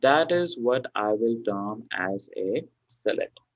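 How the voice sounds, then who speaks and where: A man's voice: mid-range voice, lively intonation, unhurried, no room sound, lo-fi sound. A male tutor teaching a live online exam class, explaining step by step with frequent fillers like "okay" and "you know".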